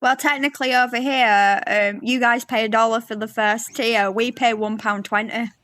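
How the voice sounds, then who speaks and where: Woman guest, higher voice, dry close sound, loose rambling chat. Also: fairly even intonation, normal speed, fairly bright tone, no room sound. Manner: rambling, filler-heavy storytelling. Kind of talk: casual chat.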